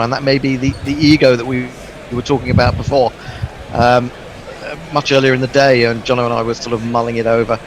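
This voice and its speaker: A man's voice: medium pitch, a little hiss or hum. A man hosting casual cricket commentary, hesitant with many ums, reading out listener messages.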